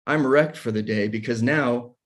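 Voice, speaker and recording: A man's voice: medium pitch, moderate pace. Man, forties, casual faith talk, candid, self-mocking, chatty. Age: 40s. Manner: candid, self-deprecating, laughs at himself.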